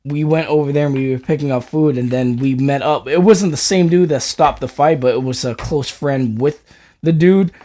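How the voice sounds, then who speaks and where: A man's voice: a little high, moderate pace, warm tone. A man co-hosting a podcast, telling a story in a rambling way, full of filler words and swearing. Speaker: podcast co-host. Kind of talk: casual storytelling chat.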